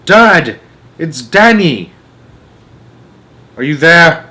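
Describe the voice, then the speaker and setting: A man voicing a frightened nine-year-old boy, calling out in high, loud, pleading shouts for his father. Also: sing-song, drawn-out words, full character voice. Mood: desperate calling.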